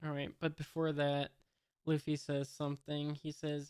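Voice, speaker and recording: A man reading a comic for the first time and commenting as he goes, halting and musing, with many fillers. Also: a little high, monotone, darkish tone, clear, resonant tone, no echo, studio quality. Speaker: comic reader.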